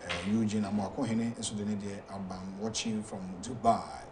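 Hosting a talk show, this fairly low-voiced Ghanaian man reads viewer messages in a hesitant, halting way, often using fillers and stumbling on names. Positioned far from the microphone, he is accompanied by a steady hum of background noise.

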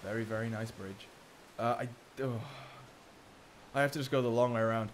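A man's voice: medium pitch, moderate pace, background noise. A young man commentating a video game playthrough, joking and talking to the characters on screen. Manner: excitable, jokey, talks to the game characters. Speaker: gaming YouTuber. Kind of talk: let's play commentary.

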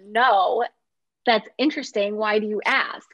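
A woman's voice: fairly high pitch, animated, moderate pace, a bit bright, breathy edge, no echo. A woman from Minnesota hosting a casual cooking chat on a video call, upbeat and chatty, often laughing. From Minnesota, USA. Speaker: host. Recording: dull, muffled video call audio.

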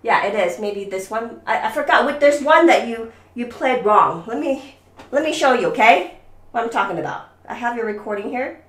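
A woman's voice: fairly high pitch, expressive, normal speed, roomy sound, recorded from a distance. A woman teaching violin over a video call, coaching a student and singing rhythms aloud. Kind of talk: online music lesson.

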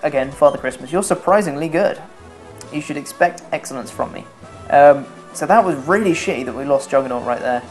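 A man's voice: on the high side, a little fast, soft background music. A young man giving casual, self-mocking commentary over his own video game run, swearing freely. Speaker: let's play commentator.

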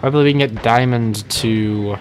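A man's voice: mid-range voice, brisk, faint music behind. Jokey, rambling young male gamer. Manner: rambling, jokey, panicky bursts. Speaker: gameplay commentator. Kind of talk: casual let's-play commentary.

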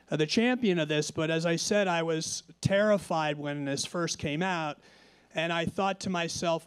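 Man, 50s, panel storyteller, fairly high, smooth voice, dry sound. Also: no echo. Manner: anecdotal, with voiced quotes and restarts. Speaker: panel guest. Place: conference stage.

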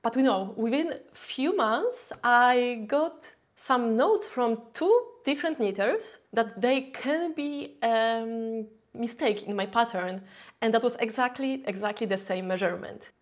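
A woman's voice: on the high side, lively intonation, measured pace. A woman with a Polish accent, a knitwear designer talking casually to her viewers, chatty and a little self-deprecating. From Poland. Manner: chatty, self-deprecating, with small laughs and restarts. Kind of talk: casual tutorial talk to camera.

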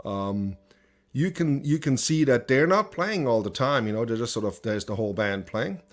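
A man teaching a banjo masterclass, talking slowly through ideas with lots of fillers and restarts. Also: medium pitch, expressive. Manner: thinking aloud, many fillers and restarts. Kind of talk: online masterclass lesson.

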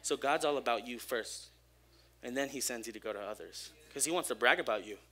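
A young man preaches in a church service with a bright, forward voice and an easy, conversational delivery. He jokes with the crowd and speaks openly about his own struggles. His energy stays high and personal throughout. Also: brisk. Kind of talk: casual youth sermon.

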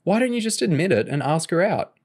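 A playful, teasing teenage girl from an audiobook chapter, pitched well up into a lighter voice. A man reads her lines as part of a solo reading. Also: lively intonation, a little fast, creaky, a little mellow.

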